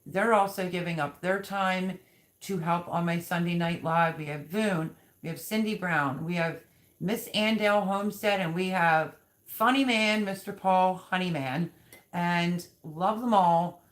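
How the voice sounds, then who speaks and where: A woman with a low voice talks at an unhurried pace, hosting a casual live-stream chat. Noise and chirping birds are clearly audible behind her. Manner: coos softly to her chicks. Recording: background noise with bird chirps.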